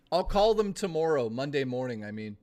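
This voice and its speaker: On a live stream, a young Canadian man chats casually, ranting with plenty of swearing and quick bursts of laughter. His voice is mid-range and a little mellow.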